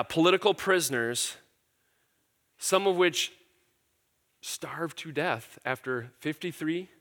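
A man's voice: on the high side, pushed and bright. A middle-aged man preaching a casual, earnest sermon, with fillers and repeated words as he explains scripture. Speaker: pastor. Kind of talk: conversational sermon.

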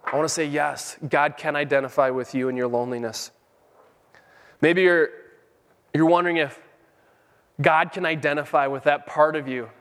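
A middle-aged man preaching a sermon with fervent, emphatic peaks. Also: a little high. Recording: long hall reverb.

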